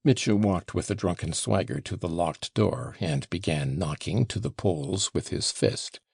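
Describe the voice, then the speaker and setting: A man reading a classic novel aloud as an audiobook narrator, measured and unhurried. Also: deep voice, gravelly, a little mellow, husky, no echo, clean studio sound.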